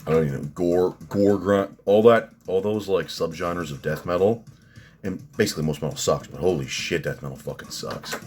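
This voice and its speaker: A man's voice: low voice, moderate pace, a little mellow. A man in his thirties ranting sarcastically in a casual vlog, swearing often. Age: 30s. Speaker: vlogger.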